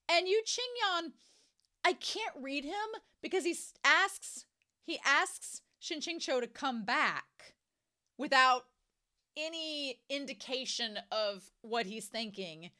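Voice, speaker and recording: A young woman casually discussing a novel she is reading, animated and jumping to excited high notes. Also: slow. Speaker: book reviewer.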